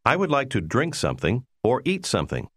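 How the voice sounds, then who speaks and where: A man giving scripted instructions in a language course, prompting the listener in a clear, measured way. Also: medium pitch, wildly swooping pitch, a bit bright, no echo, studio quality.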